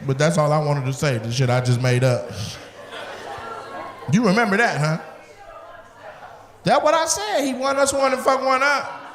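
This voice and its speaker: A man doing loud, profane crowd work on a comedy club stage, bantering and laughing with the audience over a handheld mic. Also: high voice, expressive, normal speed, long pauses. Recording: roomy live club sound, loud crowd noise.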